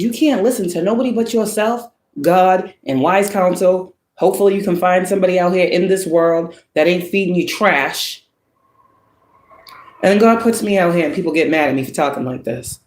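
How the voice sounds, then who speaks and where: A woman's voice: fairly low pitch, darkish tone, roomy sound. A woman giving a spiritual tarot reading to viewers, talking in a blunt, profane, preaching way and firing off rhetorical questions. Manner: asks the listener many rhetorical questions. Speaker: spiritual reader.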